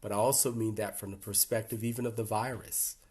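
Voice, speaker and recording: An older man speaking earnestly to a support group in a reflective workshop talk, gently emotional, with pauses. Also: lowish voice, steady tone, breathy edge.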